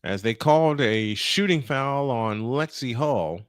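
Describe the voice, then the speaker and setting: A male announcer calls basketball play-by-play from what sounds like a home setup. His delivery is animated, with big swings in pitch, and he drifts into chatty, self-deprecating asides. The sound is dry and close, with no room echo. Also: unhurried, smooth.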